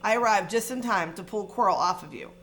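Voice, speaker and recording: A woman reading aloud, voicing a kindly old male headmaster wizard who speaks in a calm, measured, gently wry way. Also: mid-range voice, a little hiss or hum, close to an everyday voice.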